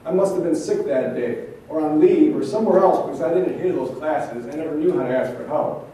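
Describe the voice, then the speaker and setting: A man's voice: fairly high pitch, fairly quick, warm tone, a little hiss or hum. A man, a trauma therapist at an event, performing a dramatic spoken-word monologue full of intense rhetorical questions and repetition. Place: event venue, indoors. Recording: echoey room, mic from far off.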